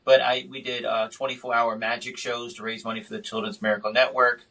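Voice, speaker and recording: A man hosts a casual podcast chat and spins animated stories. His voice is bright and pushes forward. He sits a little away from the microphone, so the sound is slightly distant. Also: medium pitch, fairly quick. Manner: animated storyteller. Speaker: podcast host and magician.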